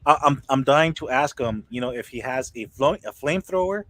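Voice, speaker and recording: A man's voice: medium pitch, expressive, fairly bright tone. An American man hosting a podcast in casual chat, often repeating words as he searches for what to say. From United States. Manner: halting, repeats words while searching for them. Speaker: podcast host.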